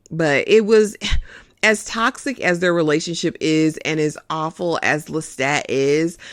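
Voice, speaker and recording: A host giving a casual, expressive recap of a TV episode, calling listeners "honey" as they go. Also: mid-range voice, no room sound, studio quality.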